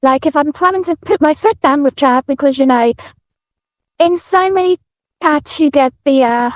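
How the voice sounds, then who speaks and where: A British woman with a high, light voice talks gently in a relaxed interview. She drifts through "um"s and restarts as she thinks aloud. The close mic leaves her sound dry and near. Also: moderate pace, no room sound. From United Kingdom. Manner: soft-spoken, many fillers and restarts. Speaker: guest streamer. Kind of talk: casual interview chat.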